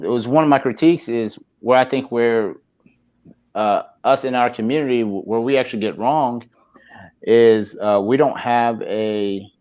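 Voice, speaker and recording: A man calling in to a talk show while on the move, speaking haltingly with many fillers and restarts. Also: mid-range voice, smooth, dull audio. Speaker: caller. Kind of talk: casual call-in talk.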